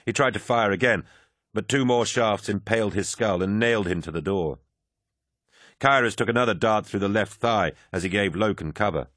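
A man reading a science-fiction battle scene as an audiobook, in a measured, grave manner. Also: deep voice, fairly bright tone, dry recording, clean studio sound. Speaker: audiobook narrator. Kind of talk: scripted narration.

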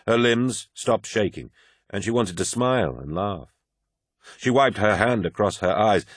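A man with a very low voice narrates a war novel in a measured, dramatic way. His delivery is steady and scripted. The recording is dry and close, with no room sound. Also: no echo. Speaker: audiobook narrator.

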